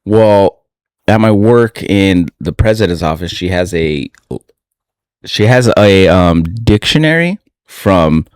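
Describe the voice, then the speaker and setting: Casting: deep-ish young man, loose rambling podcast co-host, crude humor, dry close mic. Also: lively intonation, slow pace, clean tone, no echo. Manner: rambling, laughing, swears freely. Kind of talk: casual crude podcast banter.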